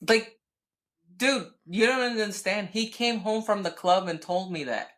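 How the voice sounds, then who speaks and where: This thirtysomething woman co-hosts a podcast, recounting something personal in an easygoing chat. She speaks unhurriedly at a medium pitch, swearing bluntly and erupting into animated outbursts.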